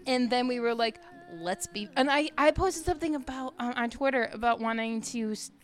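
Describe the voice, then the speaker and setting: A woman's voice: on the high side, brisk. A woman co-hosting a casual chat podcast, bubbly, giggly and playful. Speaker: podcast co-host.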